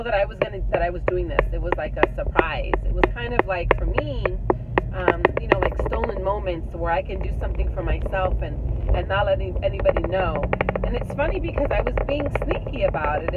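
A middle-aged woman telling a personal story in a casual vlog, candid and chatty, with many ums and restarts. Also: lowish voice. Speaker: vlogger. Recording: tinny phone-like audio with clear road noise.

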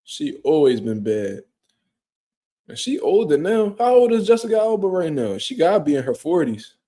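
A man's voice: fairly high pitch, very animated, normal speed. A young man casually chatting on a livestream at home, reacting to viewer comments with loose, profane slang. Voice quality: profane, laid-back slang-heavy talk. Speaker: livestream host. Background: quiet room at home.

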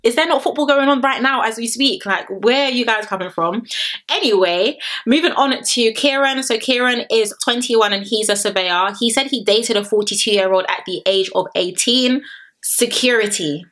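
A woman chatting casually to camera as she reviews a reality show, playful and animated, stretching and singing words for effect. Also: on the high side, moderate pace.

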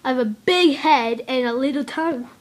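A woman's voice: high voice, moderate pace. A young woman making a playful vlog, giggling, joking and doing goofy sound effects. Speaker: vlogger. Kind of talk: playful photo booth vlog.

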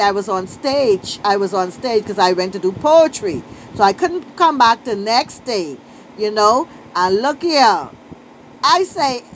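A woman's voice: on the high side, a bit bright, slight background noise, low-quality recording. A middle-aged Bahamian woman with a Bahamian accent, telling a story to camera in a casual vlog and repeating phrases for emphasis. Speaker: vlogger and poet.

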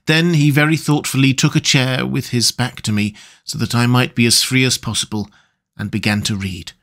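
A man with a mid-range voice reads an audiobook aloud, calm and measured, in scripted narration.

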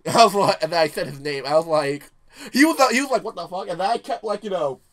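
A gaming YouTuber gives casual gameplay commentary, telling stories animatedly and swearing and laughing often. His voice is high, fairly bright and fairly quick.

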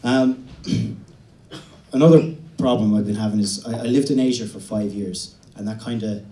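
A young man from the west of Ireland with an Irish accent, doing a stand-up set in a halting, deadpan way with many restarts. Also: on the low side. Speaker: stand-up comedian. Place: comedy venue stage. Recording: roomy venue recording from a distance.

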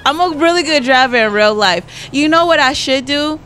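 A young woman talks her way through a game with a bright, sharp-edged voice that swoops up and down as she reacts. She is chatty and animated, calling out to her viewers in casual commentary. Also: sits high, normal speed, slight background noise. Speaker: gaming YouTuber.

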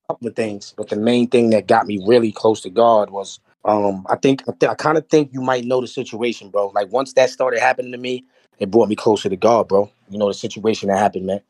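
A man with a New York accent talks quickly, his voice gravelly and husky. He tells his story in an animated, streetwise way and circles back on his own words. The sound is dry and close. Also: fairly low pitch, dry recording. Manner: animated, streetwise, repeats himself. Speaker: podcast guest. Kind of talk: casual storytelling.

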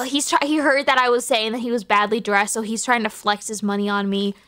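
A woman's voice: fairly high pitch, flat delivery, moderate pace, fairly bright tone. A young woman streaming a game, chatting playfully and crudely as she greets and teases the customers. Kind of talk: live game-stream commentary.

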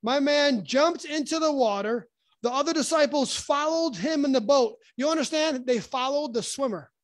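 High-voiced man teaching, halting. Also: no room sound. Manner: halting, many restarts and fillers, earnest. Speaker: podcast guest. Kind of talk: casual Bible teaching.

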